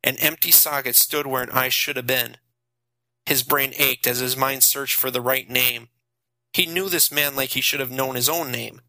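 A man narrating a horror audiobook in steady, dramatic storytelling. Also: medium pitch, moderate pace, dry recording, rough recording. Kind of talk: scripted narration.

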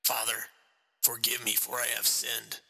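A big, hoarse man recounts his crime in a calm, level, unwavering voice, as the narrator puts him on. The low voice has a gravelly rasp and a sharp, bright edge, and it sits in a long, echoing reverb. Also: unhurried, heavily acted. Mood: solemn.

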